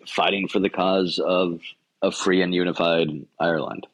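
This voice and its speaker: A man with a low voice trades dry jokes on a casual movie podcast. He stammers through restarts and repeats words before landing a quip. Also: level tone, moderate pace. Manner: wry, joking, stammers on restarts. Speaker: podcast co-host.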